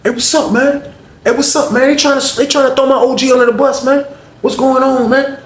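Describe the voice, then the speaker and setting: A man's voice: very high-pitched, fairly even intonation, a little fast, echoey room, voice pushed up. A man voicing an agitated young street guy in a storytime vlog, strained and insistent, tacking "man" onto every line. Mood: pleading.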